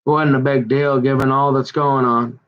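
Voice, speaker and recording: A man telling a long personal grievance in a rambling, halting way, often restarting his sentences and growing heated as he goes. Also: mid-range voice, level tone, muffled recording. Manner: aggrieved, heated. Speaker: son recounting a family conflict.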